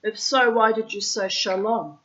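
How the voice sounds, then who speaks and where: A guarded, brooding middle-aged Soviet taxi driver, as a woman reader puts him on speaks in a put-on Russian accent from an audiobook-style reading. He talks slowly and deliberately in halting broken English, his voice lifted a little above her own. The recording is dull and lo-fi. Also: a little high, steady tone, pushed and bright, pitched above the performer's own voice. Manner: slow, measured, deliberate.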